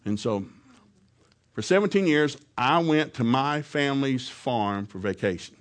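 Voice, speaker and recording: Folksy, laughing middle-aged preacher. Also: male voice, medium pitch, animated, a little slow. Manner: folksy, humorous, storytelling, laughs often. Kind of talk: sermon.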